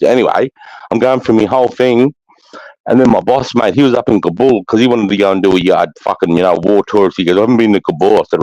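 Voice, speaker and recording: Speaking quickly in a low, darkish voice, a middle-aged Australian ex-army sergeant shares war stories casually. He's blunt, swears heavily and keeps tacking on "mate". There's no room sound and the highs are cut off.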